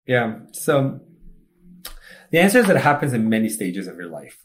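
A man's voice: medium pitch, very animated, moderate pace. Chatty man, filler-heavy casual talk. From Egypt. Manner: chatty, peppered with "like", upbeat and self-assured. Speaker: podcast guest, student mentor. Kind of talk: casual conversation.

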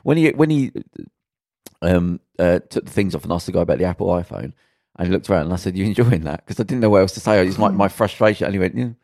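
A deep-voiced man rants excitably on a podcast, swearing and laughing along. The sound is close and dry. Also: quick pace, no echo. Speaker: podcast co-host. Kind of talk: casual banter.

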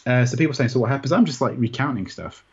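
A man recounting a personal experience in an interview, rambling and halting with many restarts. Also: medium pitch, lively intonation, a little mellow, breathy edge. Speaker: interview guest. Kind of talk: personal story in conversation. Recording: dull, muffled sound.

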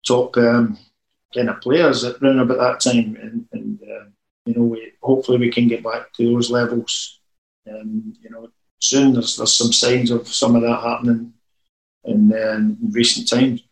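A man's voice: medium pitch, level tone, unhurried. Rambling man in an echoey room. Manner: anecdotal, rambling storyteller. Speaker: former football manager. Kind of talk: casual interview chat.

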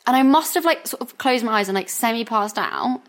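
A woman's voice: a little high, animated, a little fast, a little hiss or hum. Chatty young woman, laughing often. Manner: chatty, laughs through her stories. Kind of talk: casual chat.

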